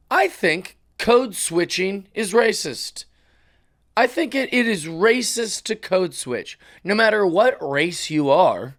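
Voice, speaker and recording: Ranting male comedian podcast host. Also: high-pitched. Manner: animated ranting with mocking voice impressions. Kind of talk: casual monologue.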